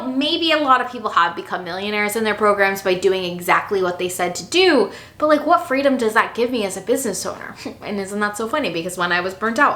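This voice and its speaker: A young woman telling a personal story to camera in a casual, animated way, acting out her own past quotes. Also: mid-range voice. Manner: animated, expressive, acts out quotes. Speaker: business coach vlogger. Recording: echoey room.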